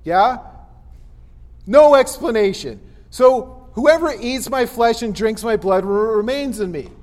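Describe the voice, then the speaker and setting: A man preaching a casual, animated sermon, laughing often and mimicking voices as he reads. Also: very high voice, measured pace, long reverb tail.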